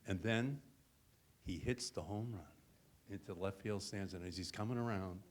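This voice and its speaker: Low-voiced man retelling a big game. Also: moderate pace, a little hiss or hum. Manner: dramatic play-by-play retelling. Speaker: panelist. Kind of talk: vivid storytelling on a panel. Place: hotel event room.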